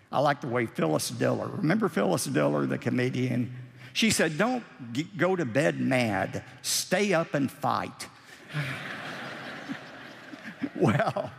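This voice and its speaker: A man preaching a sermon as a pastor, with animated delivery and slow, dramatic emphasis on key phrases. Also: fairly high pitch, vocal fry, long reverb tail.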